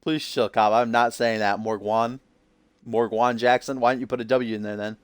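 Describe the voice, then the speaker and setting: Male streamer-commentator, mid-pitched, hype but loose delivery, dry close mic. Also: fairly even intonation, fairly quick, smooth, no echo. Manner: upbeat hype, loose and casual with frequent "uh". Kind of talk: wrestling-show commentary on a game stream.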